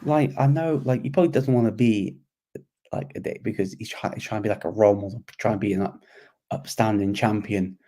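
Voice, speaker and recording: A man co-hosting a casual sports chat, talking in an animated, rambling way and often repeating himself. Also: lowish voice, a little fast. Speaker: podcast co-host.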